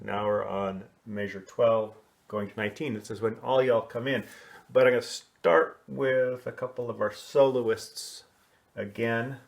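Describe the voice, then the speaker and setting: A man teaching a children's choir, explaining solos in a relaxed, chatty way and singing short snippets to show how they go. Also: medium pitch, a little slow, creaky. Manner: casual, explanatory, sings short snatches to demonstrate. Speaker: music teacher. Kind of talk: coaching a kids' choir on song solos.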